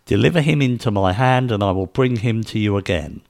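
A man's voice: fairly low pitch, fairly quick, gravelly, a little mellow. A man voicing a remorseful eldest brother speaking in a reproachful, earnest way.

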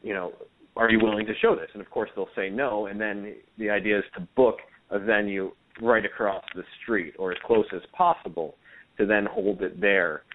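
A man's voice: lowish voice, steady tone, moderate pace. A man speaking as a guest on a radio talk show, earnest and hesitant, with frequent fillers. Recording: tinny phone-line sound.

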